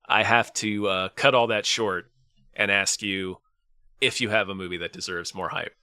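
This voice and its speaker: A man co-hosting a podcast in casual chat, joking and dropping into low mock-solemn asides. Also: fairly even intonation, normal speed, pushed and bright, clean tone, no echo, studio quality. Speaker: podcast co-host.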